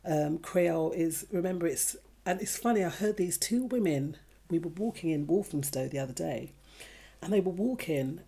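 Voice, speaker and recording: A woman co-hosting a casual chat show, feeling a bit unwell, chatty and quick to laugh. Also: lowish voice, creaky, warm tone, slightly rough. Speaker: podcast co-host.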